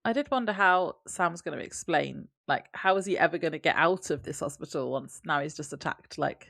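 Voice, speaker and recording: A woman's voice: deep voice, a little fast, vocal fry, fairly bright tone, no room sound, clean studio sound. A woman co-hosting a podcast, chatting casually about a TV episode and laughing often. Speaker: podcast co-host. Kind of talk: casual TV episode recap chat.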